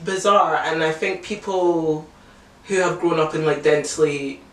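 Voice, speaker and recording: A woman's voice: sits low, distant mic. A young woman from Edinburgh with a Scottish accent, co-hosting a podcast in casual, joking chat. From Scotland. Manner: animated, joking, quick to laugh. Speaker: podcast co-host. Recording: echoey room, voice a bit off-mic.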